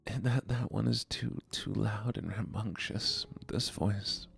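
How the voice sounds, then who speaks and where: A man's voice: on the low side, steady tone, takes it slowly, gravelly, fairly bright tone, slightly rough, pitched above the performer's own voice, full character voice. A man putting on a whiny, sulky, complaining voice for a livestream.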